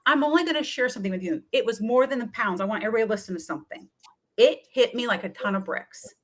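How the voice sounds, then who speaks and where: A middle-aged woman, a wellness coach, telling lively stories in an interview and acting out what people said to her. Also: a little high, fast talker. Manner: energetic, chatty, often acts out quoted voices. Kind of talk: animated storytelling in a talk-show interview.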